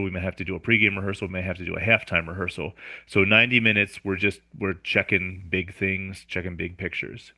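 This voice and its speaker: A man's voice: deep voice, sharp tone, no room sound. A man on a podcast patiently explaining a schedule, methodical with frequent fillers. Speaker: music director, guest.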